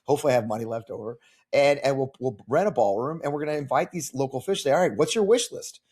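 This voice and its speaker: A man running for Congress, answering interview questions as an animated storyteller with many restarts. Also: medium pitch, racing, husky. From Missouri. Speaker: congressional candidate.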